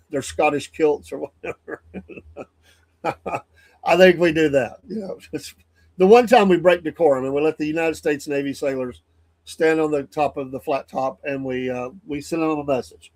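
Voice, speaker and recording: A man's voice: on the high side, moderate pace, darkish tone. A man hosting a morning show, giving blunt, heated solo commentary that rambles and restarts often. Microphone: studio mic.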